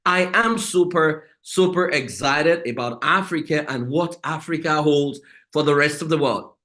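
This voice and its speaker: A man's voice: a little high, unhurried, bright, forceful tone. A man hosting a live online family life class, upbeat and repeating his words to rouse the audience. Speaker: session host and family life coach.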